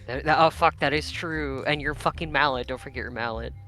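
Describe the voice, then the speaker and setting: A woman with a low voice trades jokes with friends over a game. She talks loosely and swears without a second thought. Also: brisk, a bit bright, soft background music, rough recording. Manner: joking, swears freely. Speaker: player in a group game session. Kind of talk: casual chat among friends.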